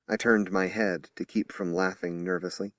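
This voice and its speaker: A man reading a horror novel aloud as an audiobook narrator in measured storytelling. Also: low voice, fairly even intonation, a bit bright, no room sound, clean studio sound. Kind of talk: scripted narration.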